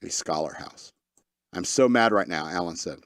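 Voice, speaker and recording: A man's voice: low-pitched, moderate pace, dry recording, clean studio sound. A man hosting a casual talk radio show, reading news stories aloud with sarcastic asides. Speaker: podcast host reading news.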